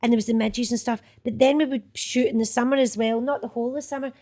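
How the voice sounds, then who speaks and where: A woman's voice: on the high side, fairly even intonation, fast, dark tone. A middle-aged woman with a Scottish accent, an actress chatting casually about her old work and laughing and swearing as she goes. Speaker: actress guest. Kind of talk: casual reminiscing chat.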